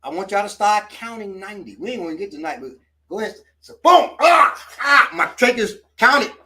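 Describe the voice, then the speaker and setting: A man's voice: high-pitched, expressive, fast talker, pushed and bright, distant mic. A man teaching self-defense, talking casually and coaching while he demonstrates moves.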